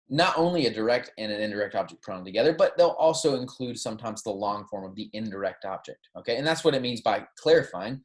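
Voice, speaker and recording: A man teaching a recorded language lesson, explaining patiently and often checking in with "right?" while modeling phrases slowly. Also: mid-range voice. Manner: switches between English and Spanish, models pronunciation slowly. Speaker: Spanish teacher.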